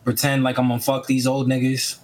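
A man's voice: mid-range voice, monotone, brisk, slight background noise. A blunt man with a mid-range voice, firing off reactions in loose podcast talk with friends. Faint room ambience sits behind him. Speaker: podcast co-host. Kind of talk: casual banter among friends.

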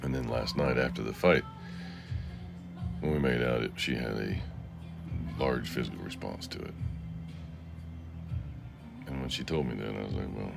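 Gravelly deep-voiced man talking to himself. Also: normal speed, long pauses, loud music behind the voice. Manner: rambling, swings between low murmurs and sarcastic outbursts. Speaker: podcast host. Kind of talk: solo confessional monologue.

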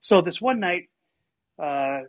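An older man with a husky voice and a slightly raised pitch tells family stories in a relaxed, conversational way. He animates his tales by slipping into his relatives' voices. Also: slow pace. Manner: animated, acts out family members in higher voices. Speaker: storyteller guest. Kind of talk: casual storytelling chat.

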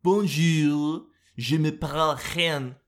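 A chirpy little French hen, as a man puts her on in a comedy vlog, greeting the listener in a pitched-up, mock-French voice. She is bouncy and silly, with a tune far higher than the man's own. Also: very animated, drawn-out words, fairly bright tone, exaggerated voice. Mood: playful.

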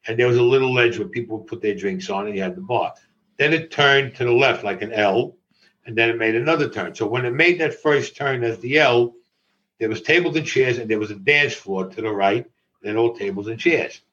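An older man recounts his past in a flat, matter-of-fact way. His voice sits at a mid pitch. The audio is dull and lo-fi. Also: brisk. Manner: matter-of-fact, acts out others' lines. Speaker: interview guest. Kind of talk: recounting a personal story.

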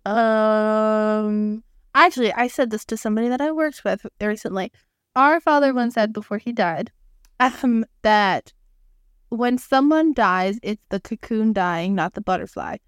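A young woman co-hosting a casual podcast chat, animated and quick to quote film lines. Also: mid-range voice, clear, resonant tone, dry recording, clean studio sound. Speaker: podcast co-host.

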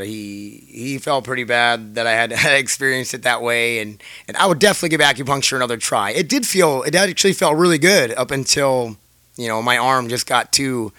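Bright-voiced man telling a rambling story. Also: medium pitch, no echo. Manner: rambling, profane, laughs often. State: scratchy throat. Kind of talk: casual storytelling to viewers.

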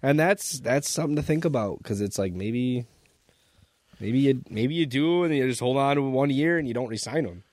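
A man's voice: mid-range voice, moderate pace, dry recording, clean studio sound. A man co-hosting a casual sports podcast, trading opinions and laughs with his co-host. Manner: animated, opinionated, laughs a lot. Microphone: desk mic.

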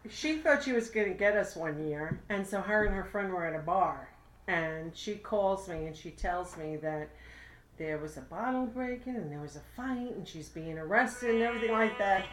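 A woman's voice: medium pitch, lively intonation, moderate pace, slight background noise. A woman in casual chat, matter-of-factly adding her teasing side of a story. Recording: roomy room with crowd behind.

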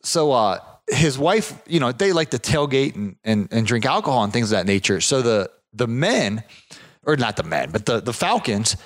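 A man of ordinary pitch tells a meandering story in a relaxed, conversational way. He pads his sentences with fillers and restarts as he goes. His voice goes lively whenever he quotes someone else. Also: normal speed. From southeastern United States. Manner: rambling, with frequent fillers and restarts; animated when quoting others. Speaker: property management business owner. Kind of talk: casual anecdote telling.

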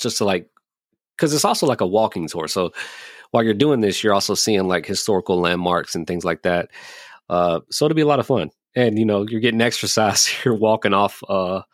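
A man's voice: fairly low pitch, lively intonation, quick pace, dry recording, clean studio sound. A man hosting a podcast in casual chat, joking loosely, swearing freely and laughing as he tells stories. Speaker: podcast host.

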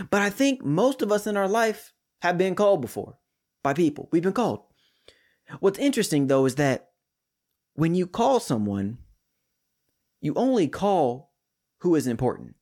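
A man hosting a podcast sermon, animated and lively, jumping high for jokes and sinking to hushed emphasis. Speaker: podcast host and preacher.

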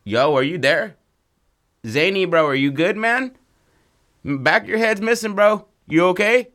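An anxious teenage jock, his voice pushed high and urgent, pleads with a hurt buddy, as a man acts him out. It is a quick, acted-out quote in the middle of a laid-back conversation. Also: animated, a bit bright. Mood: worried. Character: worried teenage male jock checking on a friend. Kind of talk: acted-out quote in casual chat.

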